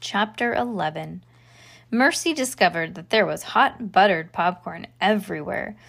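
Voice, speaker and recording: A woman reading a children's chapter book aloud, expressive and playful. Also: mid-range voice, unhurried, gravelly. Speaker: storyteller.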